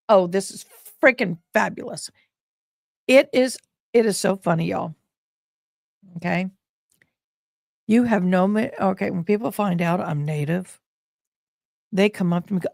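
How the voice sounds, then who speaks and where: A woman's voice: on the low side, fairly even intonation, a little slow, creaky, long pauses, darkish tone, dry recording, clean studio sound. A woman hosting a live stream in a rambling, chatty way. She is short of breath and breaks off to sigh and cough. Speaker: livestream host. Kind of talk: casual live-stream chat.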